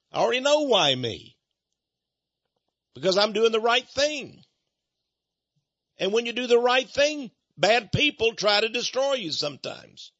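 Male televangelist preacher, fairly high, bright husky voice; folksy and emphatic, repeats for effect. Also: no echo, lo-fi sound. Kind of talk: televangelist sermon with a fundraising appeal.

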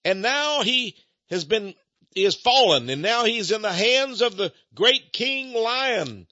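Animated high-voiced male preacher. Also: takes it slowly, dry recording, dull audio. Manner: animated, rhetorical, addresses listeners directly. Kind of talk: impassioned sermon.

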